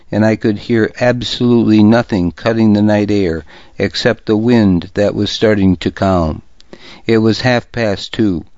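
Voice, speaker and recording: Male narrator, low voice, steady measured delivery, dry close studio sound on a dull lo-fi radio recording. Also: no echo. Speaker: audiobook reader for radio reading service. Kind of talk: scripted first-person narration.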